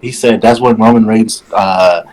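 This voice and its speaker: A man co-hosting a casual wrestling podcast, relaxed and opinionated, sitting some way back from his microphone. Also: on the low side, a little slow, poor audio. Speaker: podcast co-host. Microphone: sitting far from his mic.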